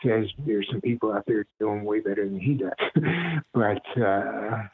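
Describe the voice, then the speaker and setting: Low-ish and measured, the voice belongs to a middle-aged voice actor from Ohio, USA, with a little hiss or hum in the tinny phone-line recording. As an interview guest he tells casual stories in an animated way, often chuckling and doing impressions.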